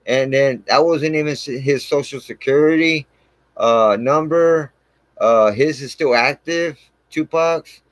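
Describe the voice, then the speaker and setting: A man with a mid-range voice talks at a measured pace in a dry, rough recording. He's telling his own story on his channel to camera, rambling, swearing heavily and dropping "man" into almost every line.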